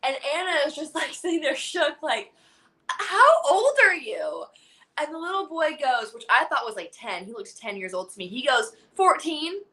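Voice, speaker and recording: A young woman telling a story in casual chat, animated and laughing, acting out other people's lines. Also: high-pitched, fairly quick, hardly any pauses. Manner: animated, laughing, acts out quotes. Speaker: guest.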